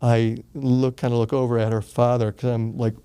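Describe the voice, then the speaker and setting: An older man in his sixties speaks as an interview guest, warm and mellow in tone. He tells his story in a casual, earnest way, with the odd curse word. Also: mid-range voice, flat delivery, normal speed, clear, resonant tone. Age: 60s. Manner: earnest, gets choked up, swears casually.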